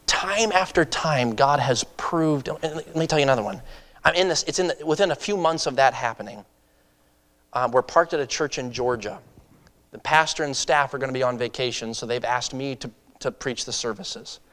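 A man preaching as an evangelist, telling a story with animated swings between loud excitement and soft earnest delivery. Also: mid-range voice, normal speed. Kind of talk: sermon storytelling. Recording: long hall reverb.

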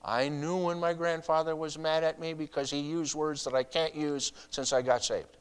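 Middle-aged male pastor, sermon delivery, slightly high and resonant, conversational with rhetorical questions. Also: little pitch movement, normal speed, clear, resonant tone.

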